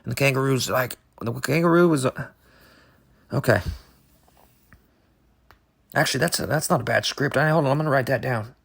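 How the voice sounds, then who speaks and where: A man co-hosting an improvised comedy podcast, rambling in halting, absurd deadpan. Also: medium pitch, creaky, husky. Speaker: podcast co-host.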